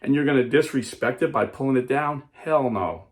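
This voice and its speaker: A man with an ordinary mid-pitched voice tells a story to a crowd at normal speed. His delivery is emphatic and dramatic, and he jumps into the characters' lines as he goes.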